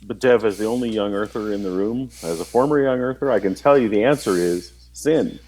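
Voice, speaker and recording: A man on a live stream panel, joking in a deadpan way. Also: fairly low pitch, a little fast.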